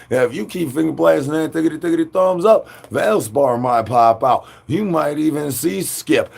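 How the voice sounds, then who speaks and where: A man's voice: mid-range voice, creaky, slightly rough. A man, rambling through an absurd monologue with sing-song rhyming babble and nonsense words. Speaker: livestream host.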